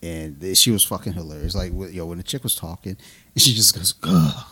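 A man's voice: low voice, fast, sharp tone, husky. A man in his thirties co-hosting a casual podcast over beers, telling loose, profane stories and laughing often. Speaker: podcast co-host.

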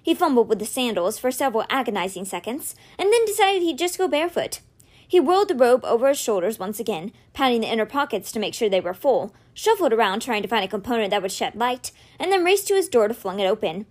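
A woman reading a novel aloud with expressive, animated storytelling. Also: fairly high pitch, quick pace. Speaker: audiobook reader.

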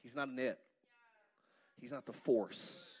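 A male pastor preaching a lively, joking sermon in church and calling the congregation to respond. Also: mid-range voice, takes it slowly, slightly rough. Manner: playful, asks the congregation to respond.

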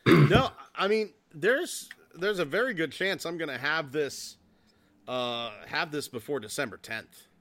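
Podcast co-host, man in his forties, bright and excitable, swears a lot, a bit high. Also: a little slow. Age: 40s. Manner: excitable, swears freely, loud laughs. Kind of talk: casual chat.

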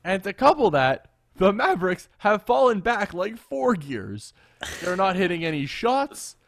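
Animated man talking sports, dry close mic. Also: high voice, measured pace, vocal fry, dry recording. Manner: animated, laughs often, repeats himself. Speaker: podcast co-host. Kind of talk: casual sports chat.

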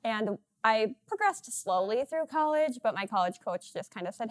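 A woman from Minnesota, a runner on a panel, talking casually with quick, laughing, self-deprecating remarks. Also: mid-range voice, animated, gravelly. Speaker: runner guest.

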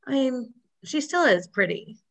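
A woman's voice: high-pitched, expressive, a little slow, gravelly, fairly bright tone. A woman co-hosting a casual chat show, recapping a TV episode with lots of fillers and hedges. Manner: chatty, hedging with fillers. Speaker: podcast co-host.

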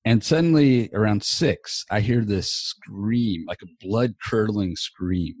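A man's voice: lowish voice, takes it slowly, darkish tone, no room sound. A man hosting a podcast from a small home office, chatting loosely and casually with a guest and swearing now and then. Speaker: podcast host. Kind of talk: casual chat. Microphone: earbuds.

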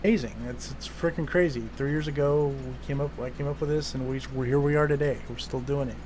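Speaking fast in a steady-toned, mid-range voice, a male podcast host rambles casually, swearing and restarting his sentences. Background noise can be heard behind him.

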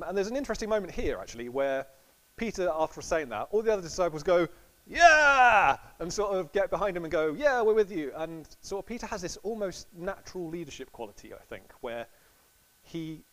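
A man's voice: on the high side, animated, fast talker, low-quality recording. A man giving a casual, chatty sermon to a congregation, acting out quotes with laughs. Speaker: preacher.

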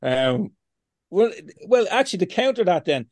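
A man being interviewed, telling lively stories, swearing freely and acting out what he said to himself. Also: high-pitched, normal speed, no echo, studio quality. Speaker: interview guest. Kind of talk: casual storytelling.

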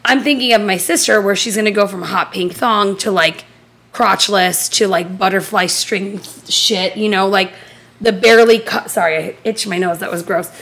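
A woman in her thirties with a medium-pitched, creaky voice co-hosts a podcast, telling a casual story at normal speed. She's animated, acting out the quoted dialogue and swearing casually.

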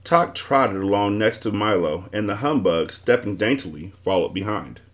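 A man's voice: lowish voice, expressive, moderate pace, a bit bright. A man reading a children's novel aloud as the host of a book club show.

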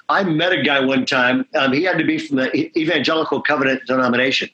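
A man's voice: mid-range voice, fairly even intonation, quick pace, bright, forceful tone, muffled recording. A middle-aged man preaching as a pastor, telling stories with energy and checking in with frequent asides. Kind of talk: sermon talk at a conference.

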